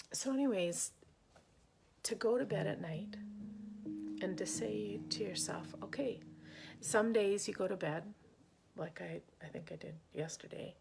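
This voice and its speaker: A woman musician and teacher chatting casually on a live video, often dropping into a soft half-whisper as she muses. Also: medium pitch, vocal fry. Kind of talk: casual live-stream talk.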